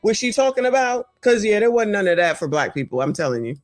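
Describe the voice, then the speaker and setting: A woman's voice: medium pitch, big pitch swings, fast. A woman in her forties or fifties from the United States, hosting reaction commentary and talking to viewers in a sassy, blunt way. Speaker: commentary channel host.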